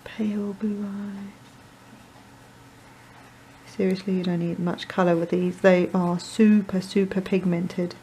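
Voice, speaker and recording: A woman's voice: on the low side, little pitch movement, moderate pace, few pauses, dark tone, slight background noise, rough recording. A woman chatting her way through a card-making tutorial, rambling with self-deprecating asides and muttering to herself. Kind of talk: crafting tutorial chat.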